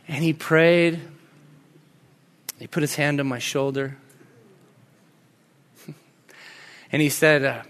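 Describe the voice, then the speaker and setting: High-voiced man preaching conversationally. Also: fairly even intonation, drawn-out words, pauses often. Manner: conversational storytelling, drops to soft near-whispers in anecdotes. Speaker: pastor. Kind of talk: sermon.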